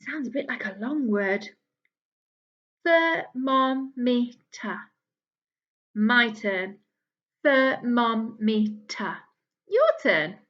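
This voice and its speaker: A woman teaching a phonics lesson to young children, drawing out each word slowly and encouraging them in a sing-song way. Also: fairly high pitch, animated, lo-fi sound. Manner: slow, drawn-out enunciation of each word. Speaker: early years teacher.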